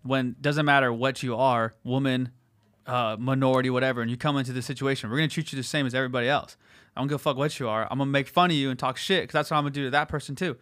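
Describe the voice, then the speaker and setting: Blunt, swearing man with a bright voice. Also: mid-range voice, steady tone, very fast. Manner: blunt and profane, with crude jabs. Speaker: comedian. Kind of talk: casual chat.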